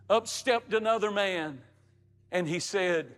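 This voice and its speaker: High-voiced preacher man in a reverberant hall. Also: slow. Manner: emphatic preaching with dramatic rises and drops. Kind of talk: sermon. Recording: long hall reverb with faint music.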